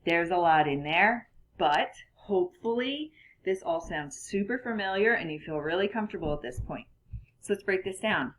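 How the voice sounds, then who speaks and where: A young woman teacher walks her students through a recorded lesson. Her voice sits a little low, and she talks in a chatty way with frequent ums and quick self-corrections. She sounds slightly out of breath. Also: animated. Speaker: classroom teacher.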